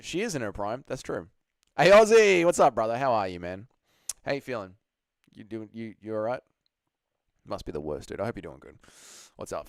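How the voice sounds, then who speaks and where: A man's voice: medium pitch, clear, resonant tone, no room sound, studio quality. A man hosting a casual livestream, swearing freely, laughing often and answering chat messages. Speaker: livestream host.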